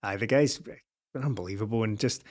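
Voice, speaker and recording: A man with a Scottish accent, co-hosting a casual football podcast, wry and quick to laugh. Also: on the low side. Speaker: podcast co-host.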